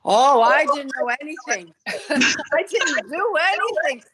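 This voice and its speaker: A woman's voice: high-pitched, very animated, takes it slowly, a bit bright. A woman telling a personal story as a podcast guest, vivid and earnest, stumbling over repeated words when moved.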